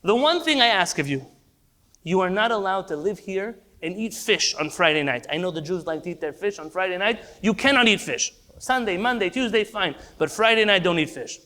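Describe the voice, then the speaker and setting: A man doing a strict Catholic priest, scolding and indignant, high bright voice, climbing to outraged shouts. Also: expressive, fairly quick. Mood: stern.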